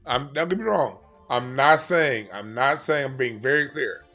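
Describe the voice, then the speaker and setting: Man, card reader, mid-pitched voice, emphatic, repeats himself, slangy casual talk, faint background music. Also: moderate pace, sharp tone. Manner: emphatic, repetitive, slangy, restarts phrases. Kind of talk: casual explainer monologue.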